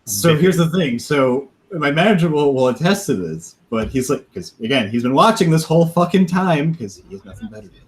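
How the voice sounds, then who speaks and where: A man's voice: fairly high pitch, expressive, fairly quick, a little hiss or hum, rough recording. A man on a podcast casually telling a long profane story, laughing now and then and acting out what others said. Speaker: podcast host.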